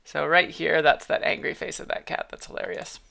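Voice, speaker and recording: A woman's voice: sits low, little pitch movement, brisk, gravelly, sharp tone. A woman streaming her writing session, thinking aloud, reading her draft lines back and humming placeholders as she edits. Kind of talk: casual livestream talk while writing.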